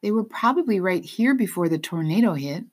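A woman's voice: medium pitch, lively intonation, brisk, darkish tone, slightly rough, pitched above the performer's own voice. A woman voicing a worried young woman who pleads in a trembling voice in an audiobook. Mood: anxious.

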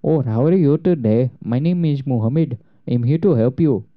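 A man's voice: medium pitch, moderate pace, lightly acted. A man voicing a male scam tech-support caller, talking in an overly polite, scripted patter. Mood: fake-polite. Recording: dull lo-fi recording.

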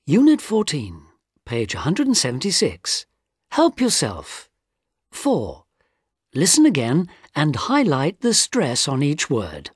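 A woman reading out unit numbers and exercise instructions for an audio course in a measured, formal way. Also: sits low, huge pitch swings, slightly rough, dry recording, clean studio sound.

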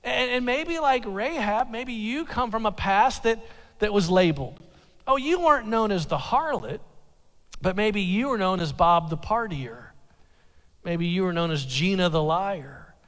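High-voiced pastor in reverberant hall. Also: male voice, a little slow. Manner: animated storytelling, stammering restarts. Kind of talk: sermon with personal story. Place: church sanctuary.

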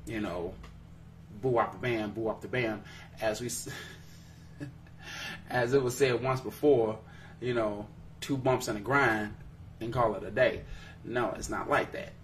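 A man's voice: lowish voice, a little slow, long pauses, recorded from a distance, slight background noise. Laughing, teasing male podcast host. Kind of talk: casual chat.

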